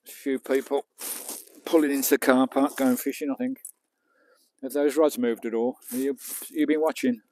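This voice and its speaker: On a live stream from a beach and inside his camper van, an Englishman who vlogs chats casually with viewers while working, dropping some light swearing. His medium-pitched voice is a little mellow and moderately paced, and his small clip-on mic sits at varying distances.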